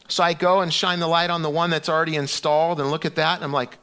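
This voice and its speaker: A middle-aged man preaching a sermon in a conversational, animated storytelling way, often restarting his sentences. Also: high-pitched, fast talker, clear, resonant tone. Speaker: pastor.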